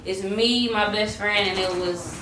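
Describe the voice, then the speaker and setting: Young woman, casual storytime, animated, acts out quotes, distant mic, roomy room. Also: mid-range voice, a little slow. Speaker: singer telling her story. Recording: roomy sound from a distant mic, faint hiss.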